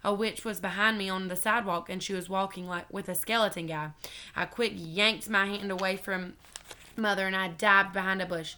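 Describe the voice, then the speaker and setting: A woman's voice: mid-range voice, steady tone, normal speed, pushed and bright. A woman teacher reading a children's storybook aloud to her students, friendly with some hesitant ums.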